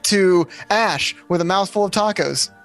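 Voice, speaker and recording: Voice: medium pitch, a little slow, fairly bright tone, soft background music. A playful, self-mocking dungeon master hosting a live tabletop game stream.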